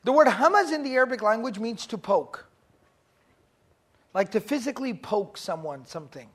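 A man's voice: extremely high pitch, expressive, moderate pace, fairly bright tone. Guy teaching a class, laid back, asks questions, acts out little stories. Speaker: religious teacher. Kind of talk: Islamic lecture to a class.

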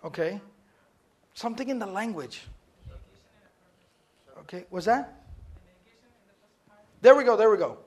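A man with a very high-pitched voice gives a classroom lecture on Arabic terms. He teaches methodically, quizzing his students and then answering the questions himself. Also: lively intonation, unhurried, pauses often. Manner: explains Arabic terms step by step. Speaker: Islamic studies teacher.

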